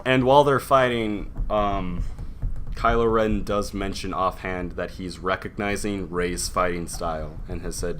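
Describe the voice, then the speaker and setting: A young man in casual chat with friends, rambling through a retold story and slipping into quick voices for its characters. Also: deep voice, steady tone, fairly bright tone, slight background noise. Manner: rambling, acts out lines in quick put-on voices.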